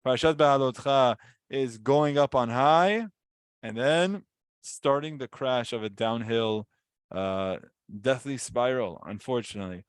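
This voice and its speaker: A man at mid pitch talks through a weekly Torah portion in a casual, storytelling way. He gets animated and slips into the voices of the people in the story. The sound is dry and close, with no room echo. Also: a little slow, clear, resonant tone. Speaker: Torah teacher.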